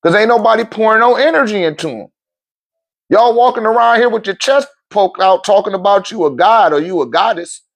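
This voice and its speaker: A man ranting to his livestream viewers as a spiritual teacher, blunt, profane and animated, laughing often between phrases. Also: brisk, vocal fry. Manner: animated, swings between loud outbursts and low muttering. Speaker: spiritual teacher and seller of metaphysical goods.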